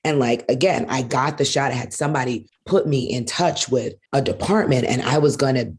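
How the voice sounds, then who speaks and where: A woman being interviewed as a guest on a podcast, telling a story in a casual, animated way and acting out the dialogue she quotes. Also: a bass voice, brisk, husky. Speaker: guest, arena executive.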